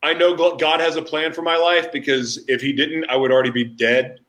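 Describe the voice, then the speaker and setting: Animated storytelling man, echoey room. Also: a little high, a little fast. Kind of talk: casual chat.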